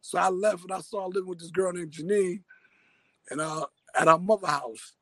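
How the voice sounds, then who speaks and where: High-voiced New York man telling stories. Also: fairly even intonation, moderate pace, sharp tone, no room sound, low-quality recording. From Harlem, New York. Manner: street slang, loose rambling narration. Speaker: interviewee. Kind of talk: casual storytelling.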